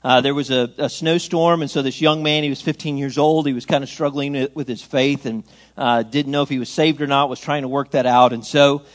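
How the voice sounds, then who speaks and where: A man preaching a sermon in an earnest, conversational way, asking his listeners questions and swinging between loud, emphatic lines and soft ones. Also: mid-range voice.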